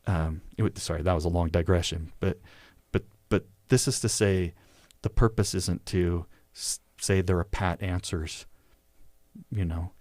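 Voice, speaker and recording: A man's voice: sits low, fairly even intonation, measured pace, darkish tone, no room sound. A man, a professor, talking through ideas in a reflective discussion, thoughtful and correcting himself as he goes.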